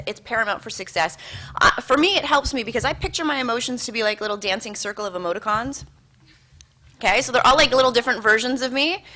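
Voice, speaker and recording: A woman giving a motivational talk to a live audience, telling stories in an animated, conversational way. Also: on the high side. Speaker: motivational speaker.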